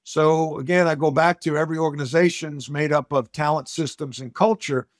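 In a storytelling interview, a middle-aged man who works as a coach and corporate speaker talks with emphasis as a podcast guest, repeating words whenever a thought begins. He has a slightly high voice with a steady tone and a brisk pace, recorded at studio quality without echo.

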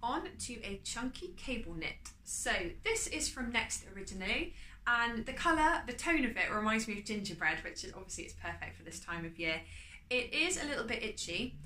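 A woman chatting casually as she shows off her charity shop clothes haul, upbeat and often trailing off quietly. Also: fairly high pitch, animated, moderate pace, slight background noise. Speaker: vlogger. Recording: echoey room with faint ambience.

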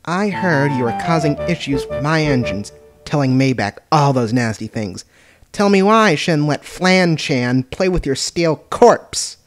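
An imperious little mistress who runs her railway with a hard hand, as a man puts her on. She scolds in a voice pitched a touch higher than his own, with a cold, threatening edge. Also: lively intonation, unhurried, soft background music. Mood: stern threatening. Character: haughty little mistress, stern railway controller.

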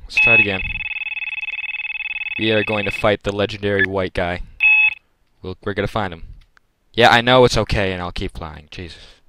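A man's voice: lowish voice, fairly even intonation, moderate pace, very noisy. A young man giving casual let's-play commentary, pleading with enemies and yelping in frustration. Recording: loud game music behind.

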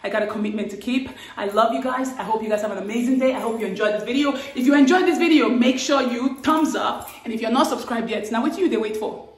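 Animated woman vlogging in an echoey room. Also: fast, far from the mic. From Africa. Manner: playful and animated, with laughs and sudden high exclamations. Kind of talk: casual talk to camera.

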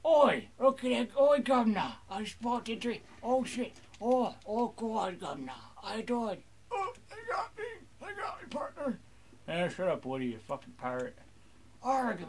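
A man's voice: high voice, big pitch swings, a little slow, breathy edge. A young man rambling crudely through casual gameplay commentary, joking in a mock pirate voice. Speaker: gamer.

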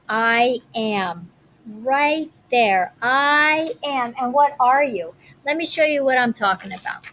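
Female teacher, somewhat high voice, clear and encouraging with young kids. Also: a bit bright, slight background noise, poor audio. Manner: encouraging, speaks slowly and clearly. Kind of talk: reading aloud and teaching a lesson to young children.

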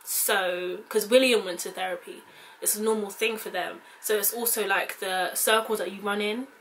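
A woman's voice: mid-range voice, steady tone, normal speed, fairly bright tone, a little hiss or hum. Chatty young British woman vlogging. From United Kingdom. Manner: chatty, rambling, heavy use of "like". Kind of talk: casual commentary to camera.

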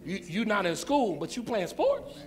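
A man's voice: high voice, huge pitch swings, normal speed. A male pastor, preaching a sermon in a church with rhythmic, repetitive phrasing and call and response.

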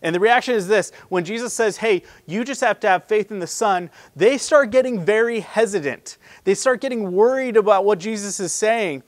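A male pastor preaching in a relaxed, chatty way, calling his listeners "guys". His voice sits a little high for a man, and he swings from loud emphasis to quiet, low asides. The recording is dry, with almost no room echo. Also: normal speed, hardly any pauses. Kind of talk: sermon.

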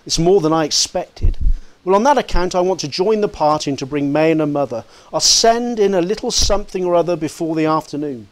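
A man's voice: fairly high pitch, a little fast, lightly acted. A man voicing a sneering, spiteful male toy maker who mutters scornfully.

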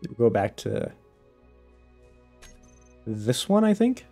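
A man commentates his game stream in an easygoing, chatty way, breaking into laughter and replying to viewers between moves. His voice sits in a mid range with a dark, mellow tone. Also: mid-range voice, sing-song, takes it slowly, creaky, soft background music. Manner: chatty, laughs often, answers chat while playing. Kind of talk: casual live-stream commentary.

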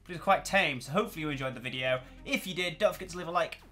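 Male reaction host, chatty and amused, bright tone. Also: fairly high pitch, rapid-fire, soft background music. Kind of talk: casual commentary while reading a cartoon story.

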